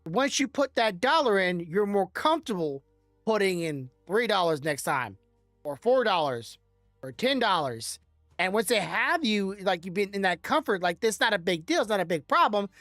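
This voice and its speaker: A woman's voice: mid-range voice, no room sound. Woman podcast co-host, rambly and explanatory, dry close mic with faint music. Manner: rambling, explains with examples, laughs often. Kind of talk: casual podcast chat.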